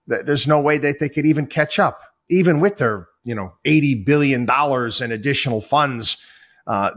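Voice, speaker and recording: A man's voice: mid-range voice, fairly bright tone. A middle-aged man hosting a finance talk show, delivering opinionated solo commentary with exasperated, emphatic repetition. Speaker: show host.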